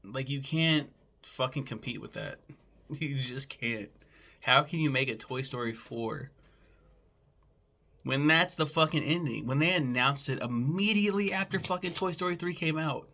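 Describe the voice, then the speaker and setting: A man's voice: mid-range voice, normal speed, bright, forceful tone. A young man giving a casual, rambling film review, with lots of swearing and ums. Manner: rambling and profane, with frequent ums.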